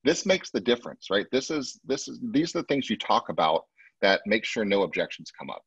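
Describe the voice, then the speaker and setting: A husky, low-pitched man leads a sales training class, stressing his points and slipping into a higher voice when he quotes clients. The sound is dry and dull, like a lo-fi video call. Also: very animated, a little fast, no room sound. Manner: emphatic, acts out client quotes in a much higher voice. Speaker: real estate sales trainer.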